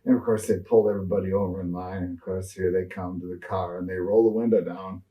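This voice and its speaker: Older ex-wrestler guy in his 60s rambling through old road stories, lowish voice, sounds a bit far from the mic. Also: steady tone, quick pace, narrow, tinny audio. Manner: rambling, many fillers and restarts. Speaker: retired pro wrestler, interview guest. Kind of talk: shoot interview, rambling storytelling.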